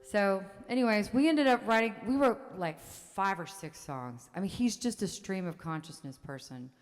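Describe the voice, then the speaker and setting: On a theater stage, a songwriter in her forties performs a one-woman show, telling stories and taking audience questions in a chatty, self-interrupting way and laughing often. Her medium-pitched voice is expressive and fairly quick, with hardly any pauses. Long hall reverb and faint music fill the recording.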